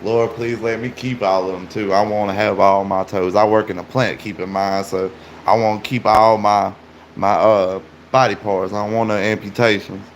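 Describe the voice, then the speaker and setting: A man's voice: lowish voice, flat delivery, moderate pace, a little hiss or hum. A man livestreaming, chatting casually and joking profanely with his viewers.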